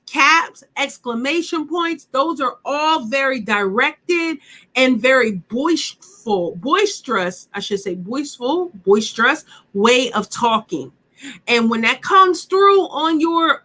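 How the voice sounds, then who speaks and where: A woman's voice: high-pitched, pushed and bright. A woman leading a live online workshop, talking emphatically and chattily, repeating her points and asking the audience direct questions. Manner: talks straight to the audience with questions. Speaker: workshop instructor.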